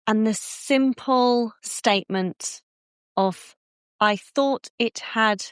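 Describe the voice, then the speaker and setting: A woman's voice: a little high, fairly bright tone, clean tone, dry recording, studio quality. A woman hosting a business podcast, who chats casually and keeps agreeing with her guest. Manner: quick agreeing replies, enthusiastic. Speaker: podcast host and business coach. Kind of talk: casual interview chat.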